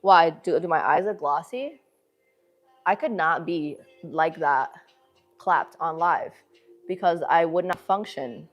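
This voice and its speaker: A woman's voice: low voice, takes it slowly, highs cut off, soft background music. A woman hosting a casual livestream from a gym, with a northern city accent, talking to her viewers in a slangy, chatty way. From northern United States. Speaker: livestream host. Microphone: phone camera.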